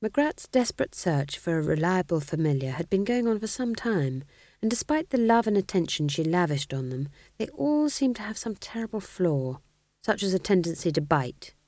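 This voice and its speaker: Woman reading a story, low voice, slow and measured, dry close sound. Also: lively intonation, darkish tone, no echo. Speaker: audiobook narrator. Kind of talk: storybook narration.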